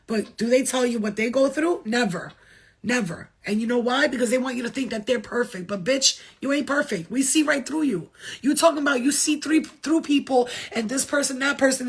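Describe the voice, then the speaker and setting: A woman's voice: fairly high pitch, a little fast, husky. A woman who works as a spiritual healer, giving an impassioned, blunt talk to viewers, swearing freely and repeating phrases for emphasis.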